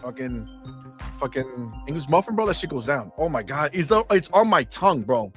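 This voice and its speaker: A man's voice: mid-range voice, very animated, normal speed, a bit bright, soft background music. A male livestream host on a podcast, ranting in a profane, exasperated way. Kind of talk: livestream chat.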